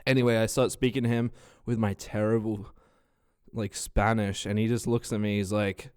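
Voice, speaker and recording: Young Australian man, casual vlogger, stuffed-up nose, slightly low voice, loose and profane delivery. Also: normal speed, smooth. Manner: swears a lot, rambling and animated. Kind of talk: casual storytelling vlog.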